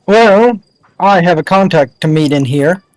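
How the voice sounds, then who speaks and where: A man playing in a live-streamed tabletop game, talking through his character's actions in a plain, deliberate way. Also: sits high, lively intonation, dry recording, poor audio. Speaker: player. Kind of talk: in-character tabletop play, casual.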